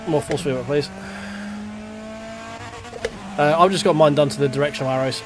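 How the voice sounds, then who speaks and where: A man's voice: a little high, fairly even intonation, normal speed, noisy background. Rambling man streaming sim racing. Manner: rambling, self-talking, casual swearing. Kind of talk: live gameplay commentary.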